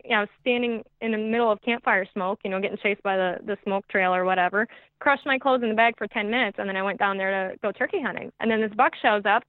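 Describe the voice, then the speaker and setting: A woman guest telling a hunting story in a podcast chat, excitable and quick, with many fillers. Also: fairly high pitch, no room sound. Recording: tinny phone-like line, dry.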